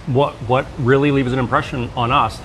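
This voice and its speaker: Relaxed man co-hosting a casual stream. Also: mid-range voice, slight background noise, low-quality recording. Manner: relaxed, halting with restarts. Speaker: co-host of live stream. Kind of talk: casual chat.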